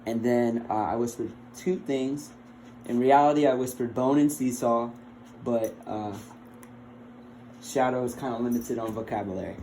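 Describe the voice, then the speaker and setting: A man's voice: medium pitch, moderate pace, dark tone. A young man, a health assessment student, giving a casual demonstration at home; he is chatty and fumbling, laughs often and coaxes his dog. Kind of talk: casual recorded skills demonstration. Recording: roomy with faint noise.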